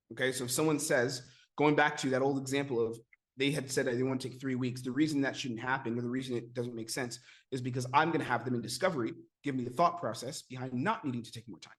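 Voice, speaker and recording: An American man in a mid-pitched voice coaches viewers on closing sales. He talks with lively energy and calls his viewers guys. He slips into role-play of his calls with prospects. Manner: energetic, addresses viewers as guys, acts out sales-call dialogue. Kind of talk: teaching sales technique to camera.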